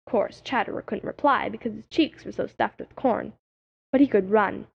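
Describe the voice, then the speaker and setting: A woman's voice: medium pitch, moderate pace, vocal fry, husky. Woman reading a children's story. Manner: expressive storytelling. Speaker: audiobook narrator. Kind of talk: scripted narration of a children's story. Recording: dull lo-fi audiobook recording.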